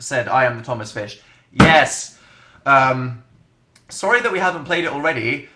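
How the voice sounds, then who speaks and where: A man's voice: medium pitch, lively intonation, moderate pace, sharp tone, echoey room. A young man hosting a casual livestream, chatting in a dry, self-mocking way as he answers viewer comments. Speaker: livestream host.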